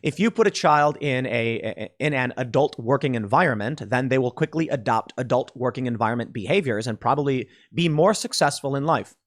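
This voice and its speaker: A man's voice: medium pitch, expressive, a little fast, few pauses. Man from Chicago giving political commentary. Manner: conversational, with frequent restarts. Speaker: commentary show host.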